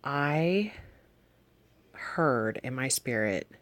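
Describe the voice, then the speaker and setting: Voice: mid-range voice, expressive, extremely slow, fairly bright tone, no echo. A vlog host casually recounting dreams and visions from a notebook, wandering and correcting themselves while talking straight to viewers. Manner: meandering, self-correcting, addresses viewers directly. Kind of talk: casual spoken testimony read from a notebook.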